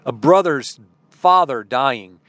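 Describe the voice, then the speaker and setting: A man preaching a sermon, telling a story slowly and dramatically and acting out the dialogue. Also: mid-range voice, expressive, a bit bright, dry recording.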